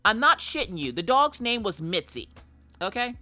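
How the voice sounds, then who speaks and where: A woman streamer telling a story in casual chat, animated and swearing freely. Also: mid-range voice, normal speed, soft background music.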